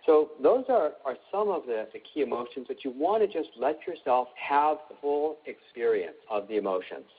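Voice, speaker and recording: A middle-aged man explains emotional healing to a live online class, calm and instructive, leaning on repetition to drive points home. His voice is a little husky and comes through a narrow, tinny line like a phone call. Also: mid-range voice, moderate pace.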